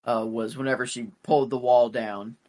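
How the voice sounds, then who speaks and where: A man's voice: mid-range voice, level tone, moderate pace, a little mellow. A young man co-hosting a casual fan podcast, rambling and hesitant with lots of fillers. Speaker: podcast co-host.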